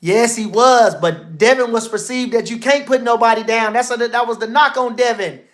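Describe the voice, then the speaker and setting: Middle-aged guy doing boxing talk on a livestream, slangy, goes from mumbling low to hyped and loud. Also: normal speed. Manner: animated, slangy, swings from low murmur to loud outbursts. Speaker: boxing commentator. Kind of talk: casual livestream commentary.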